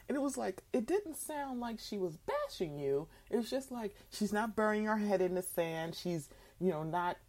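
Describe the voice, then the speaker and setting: A woman's voice: mid-range voice, warm tone. A woman guest podcaster giving blunt, sarcastic commentary in a casual way.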